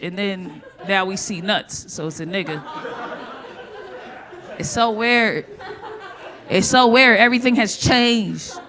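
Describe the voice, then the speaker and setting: A woman working a comedy club stage in a live stand-up set. Her voice is bright and forceful, and her delivery is brash and profane. She keeps jumping into sudden loud outbursts. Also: on the high side.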